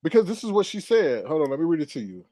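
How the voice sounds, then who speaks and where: High-voiced man ranting on a livestream. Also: big pitch swings, fast, dark tone, dry recording, clean studio sound. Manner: angry, profane, repetitive. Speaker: livestream host. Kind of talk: heated livestream rant.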